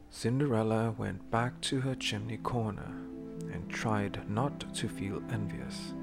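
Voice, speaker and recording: A man reads a fairy tale aloud, measured and expressive, in a mid-pitched voice with a gravelly edge. Music plays clearly behind him. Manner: measured, expressive storybook reading. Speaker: storyteller.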